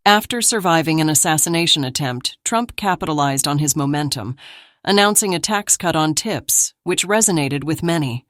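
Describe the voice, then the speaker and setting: Recap narrator: woman, low register, dry booth sound, even and measured. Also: no room sound, faint music behind. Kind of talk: scripted narration.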